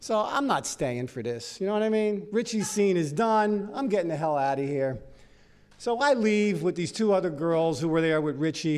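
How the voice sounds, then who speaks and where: A man from Los Angeles telling his life story at a recovery meeting, animated and profane. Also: a little high. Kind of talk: personal story talk.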